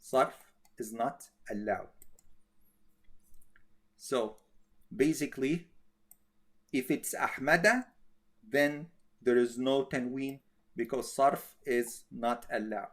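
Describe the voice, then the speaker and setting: A man teaching a grammar class, speaking slowly and repeating himself, often checking with "okay?". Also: mid-range voice. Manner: slow, repetitive, checks with "okay?".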